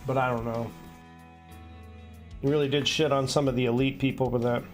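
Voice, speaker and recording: A man's voice: mid-range voice, little pitch movement, brisk, soft background music. A man live-streaming an unscripted rant, blunt and heated, swearing constantly.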